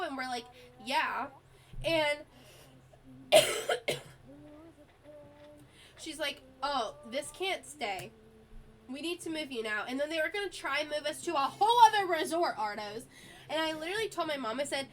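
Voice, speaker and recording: A woman's voice: high-pitched, lively intonation, moderate pace, fairly bright tone. A woman streamer, sick with a cough, chatting casually and telling a story in an exasperated way, full of "like" fillers.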